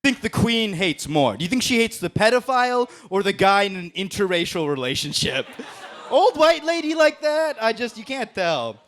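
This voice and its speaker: High, lively-voiced man roasting on stage. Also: a little fast, hardly any pauses. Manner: brash, crude punchlines with laughs. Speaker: stand-up comedian. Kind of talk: roast battle stand-up set. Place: comedy stage before a live audience.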